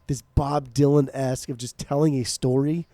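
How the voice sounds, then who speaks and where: An American man co-hosting a podcast in casual chat, animated, jokey and quick to swear. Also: mid-range voice, dry recording. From United States. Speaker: podcast co-host.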